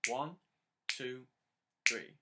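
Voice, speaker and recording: Over very noisy audio, a medium-pitched man leads a harmonica lesson one step at a time. Patient and encouraging, he counts in, sings lines slowly, and praises the learner.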